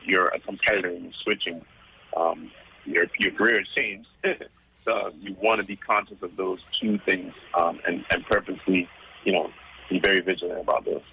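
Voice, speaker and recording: A man's voice: low-pitched, fairly even intonation, normal speed, creaky, pushed and bright, breathy edge, poor audio. A man, a former boxer and fitness coach, explaining exercise and diet on a radio show with many "um"s and "right?"s. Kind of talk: casual radio interview.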